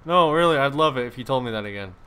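A young man giving casual gaming commentary, swearing freely, laughing and reacting loudly to the game. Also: mid-range voice, expressive, quick pace, a crowd in the background. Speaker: gameplay commentator.

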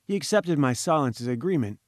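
A male audiobook reader narrates in a measured, quietly wry voice. His pitch sits slightly high and the sound is dry and intimate. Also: expressive, no echo. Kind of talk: first-person audiobook narration.

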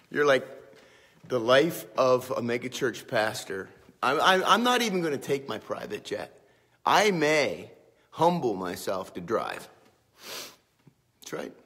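A man's voice: mid-range voice, pushed and bright. A man who is a pastor, walking and chatting in a casual vlog, joking and mocking himself, first outside on the church grounds and then inside a sanctuary, talking into a handheld camera. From small-town Pennsylvania, USA. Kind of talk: casual vlog walk-and-talk.

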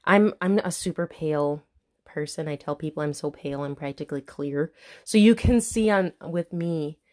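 A woman with a Midwestern accent talks through an unboxing on her home vlog, her voice sitting slightly low. She gushes and gasps in excitement, filmed on a camera set up on a tripod. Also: normal speed. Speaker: vlogger.

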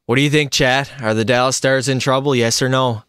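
A young man streaming a hockey video game, giving excitable, frustrated play-by-play and talking to his chat. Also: mid-range voice, fairly quick, clear, resonant tone, no room sound, clean studio sound. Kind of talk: live gameplay commentary.

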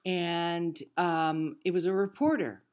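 An older woman with a fairly low voice, talking as a guest actress. She tells her stories candidly and with emphasis, in easy interview chat. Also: steady tone, slow, darkish tone.

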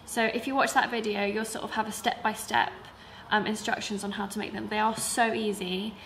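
A woman's voice: medium pitch, flat delivery, fairly quick, fairly bright tone, a little hiss or hum. A young woman who runs a sewing school, chatting casually to camera about her week. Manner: chatty, with many fillers. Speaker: sewing school owner and teacher. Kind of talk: casual vlog chat.

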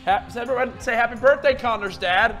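A man livestreaming a game, chatting and joking with a young teammate, getting loud and excited in fights. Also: extremely high pitch, a little fast, music in the background. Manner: excitable, jokey, shouts during fights. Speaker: streamer. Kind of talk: casual gaming livestream chat.

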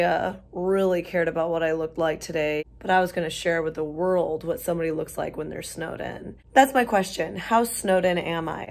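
A woman's voice: fairly low pitch, a little mellow. A woman vlogger from the American Midwest, chatting casually and poking fun at herself. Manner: chatty, self-mocking. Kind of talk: casual vlog chat. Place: at home, then out in the snow.

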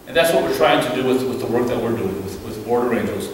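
A man giving an animated storytelling talk as a guest speaker at a church, acting out the voices in his stories. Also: mid-range voice, fast, slight background noise. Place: church hall. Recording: echoey hall from far off, faint ambience.

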